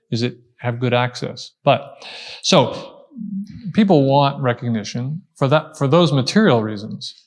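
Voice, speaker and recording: A man answering an audience question at a talk, explaining step by step, pausing and restarting as he thinks. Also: mid-range voice. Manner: thoughtful, explaining step by step with frequent pauses and restarts.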